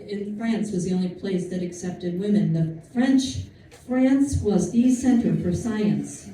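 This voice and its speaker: A woman with a mellow, medium-pitched voice gives an informal history talk to an audience, chatty and story-driven with asides and fillers. She is picked up by a distant mic in an echoey room with faint noise.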